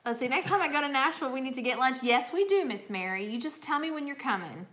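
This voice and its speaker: A chatty woman co-hosts a live stream. Her voice is bright and a little high. She talks in a friendly way and reads viewer comments aloud. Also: lively intonation, fast talker. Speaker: co-host. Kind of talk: casual live-stream chat.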